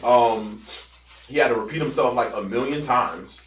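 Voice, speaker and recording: A man's voice: medium pitch, moderate pace. Man telling a story, echoey room. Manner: animated storyteller, swearing, acting out quotes. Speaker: podcast host. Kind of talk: casual storytelling chat. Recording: roomy sound from a distant mic.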